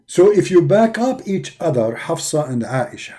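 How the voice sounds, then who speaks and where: Animated, mocking male commentator. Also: on the high side, normal speed, few pauses. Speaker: religion critic. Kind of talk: satirical commentary with voices.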